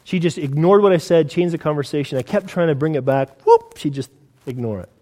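An American man preaches a sermon in a somewhat high voice, talking to the congregation in a casual, conversational way. He poses rhetorical questions and often repeats words as he goes. A long church-hall reverb trails after every phrase. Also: fast, mellow. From United States. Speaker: pastor.

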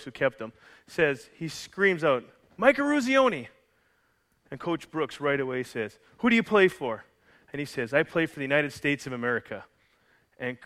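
A man's voice: a little high, a bit bright. A man preaching a sermon as pastor, telling a story in a conversational way with frequent restarts and jokes for the congregation. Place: church.

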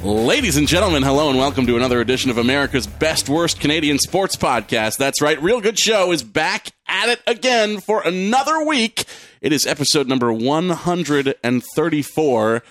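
A man hosting a sports podcast, opening the show in a jokey, lively way and chatting casually with his co-hosts. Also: fairly high pitch, moderate pace, no room sound, faint music behind. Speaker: podcast host.

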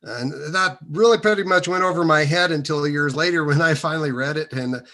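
A man telling a personal story in a hesitant, meandering way, with many pauses and fillers. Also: fairly high pitch, sharp tone.

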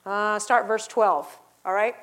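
A middle-aged woman preaching a sermon, telling stories and acting out the voices in them, rising to loud exhortation. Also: mid-range voice, fairly even intonation, slow. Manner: acts out voices in her stories.

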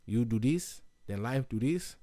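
A man voicing a solemn male martial arts master with a put-on Brazilian accent, speaking in slow, emphatic, proverb-like phrases. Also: medium pitch, animated, dark tone, dry recording, clean studio sound, natural voice.

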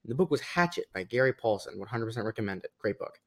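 A young man casually telling a long school story, animated and quick to laugh, mimicking the people in it with a raised voice. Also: medium pitch. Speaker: podcast guest. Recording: rough audio.

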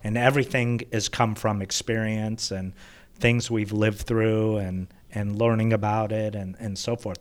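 A man who works in sports public relations, telling stories on a podcast in an animated way and laughing as he talks. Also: fairly low pitch, unhurried. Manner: animated anecdote teller, laughs while talking. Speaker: sports PR executive. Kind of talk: podcast storytelling.

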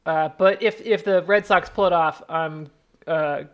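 Female co-host, joking, chatty, lower pitch. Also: a little slow. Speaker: podcast co-host. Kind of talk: casual chat.

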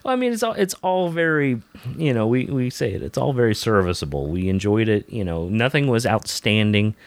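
Lively man hosting a movie chat, dry sound. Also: mid-range voice, a little fast, dry recording. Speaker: podcast host leading a movie review. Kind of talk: casual movie review chat.

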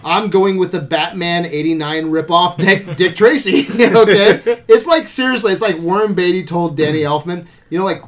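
A man co-hosting a casual movie review podcast, profane and quick to laugh. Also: high voice. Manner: profane, laughs often, fast bursts. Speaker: podcast co-host.

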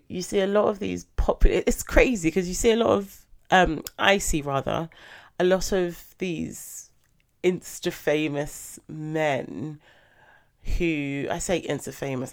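A young woman hosting a podcast, chatting in a lively, animated way with sudden excited bursts. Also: low voice, vocal fry. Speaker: podcast host. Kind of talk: casual podcast chat.

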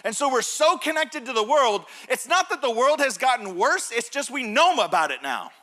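This pastor, a man in his thirties, has an extremely high-pitched voice at normal speed. He preaches by recounting a personal story, animated and laughing as he goes.

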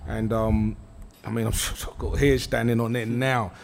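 Ex-footballer guest, middle pitch, hesitant with lots of restarts, faint background noise. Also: male voice, level tone, creaky. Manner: halting with many restarts, laughs easily. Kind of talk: telling a story on stage. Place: live event with an audience.

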